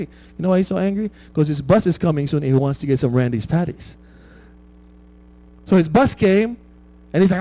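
A man's voice: fairly high pitch, wildly swooping pitch, normal speed, long pauses, mellow. A man preaching a conversational sermon, often asking "right?" and laughing at his own stories.

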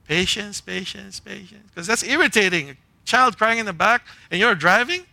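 A man delivers a conversational sermon in a fairly high, sharply bright voice. He speaks in short, punchy phrases, often turning to the congregation with "right?" and "okay?" to keep them with him. The sound is close and dry, with no room echo. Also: animated, moderate pace, creaky. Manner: checks in with listeners, often asking "right?" and "okay?". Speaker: pastor. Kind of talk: conversational sermon with a personal story.

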